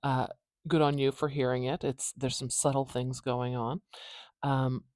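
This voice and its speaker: A speaker with an Atlantic Canadian accent teaches phonetic transcription in a mid-pitched voice. They sound out example words slowly and repeatedly, with light, playful asides. The recording is dry and close, with no room sound. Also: flat delivery, darkish tone, dry recording. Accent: Atlantic Canadian English. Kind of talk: IPA transcription lesson.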